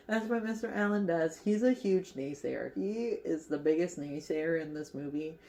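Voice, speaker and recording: A woman's voice: sits low, mellow, a little hiss or hum. A woman casually recapping a movie as a crochet vlogger, chatty and giggly, with lots of fillers.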